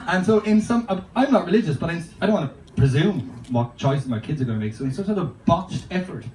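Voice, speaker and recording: A fast-talking man with a fairly high, very animated voice performs stand-up, telling loose, rambling stories packed with swearing. The live recording is roomy and noisy, and he sounds distant from the mic.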